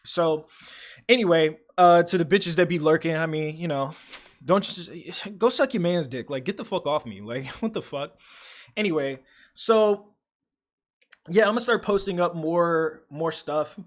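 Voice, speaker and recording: A young man with a fairly high voice hosts a casual livestream. He reads out viewer comments and rambles in loose, filler-heavy slang, swearing freely. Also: measured pace. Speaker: livestream host.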